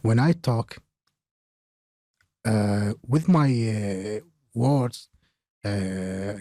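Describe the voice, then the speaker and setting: A man hosting an audio production tutorial, talking haltingly with many filler pauses as he explains plugins. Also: lowish voice, mellow, dry recording, clean studio sound. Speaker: mixing tutorial host.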